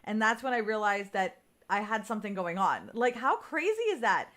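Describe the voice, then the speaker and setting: A woman's voice: medium pitch, very animated, moderate pace, fairly bright tone. A woman co-hosting a casual chat, talking candidly and rambling, swearing freely and sounding tired. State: nauseous, tired. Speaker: podcast co-host.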